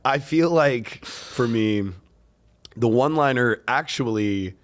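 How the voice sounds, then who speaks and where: Young male podcast co-host, mid-pitched, rambling and hesitant delivery. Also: takes it slowly. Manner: rambling, hesitant, many fillers and restarts. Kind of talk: casual chat.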